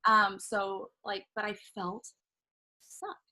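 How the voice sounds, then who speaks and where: Husky-voiced woman telling a lively story. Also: medium pitch, moderate pace, rough recording. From Southern California. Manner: animated, laughs often, acts out quotes. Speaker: guest, life coach. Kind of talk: casual storytelling.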